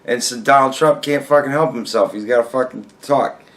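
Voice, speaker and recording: Guy ranting into his webcam, swears a lot, rambles, kinda exasperated, mid-pitched voice. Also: fairly quick, a bit bright. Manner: profane, rambling, exasperated, often laughing. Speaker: commentary vlogger. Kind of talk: casual reaction rant.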